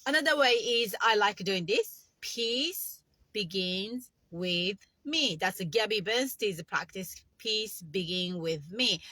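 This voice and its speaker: Bright-voiced woman coaching meditation. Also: mid-range voice, dry recording. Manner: chatty, non-native English phrasing, guiding breaths. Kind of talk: casual instructional talk.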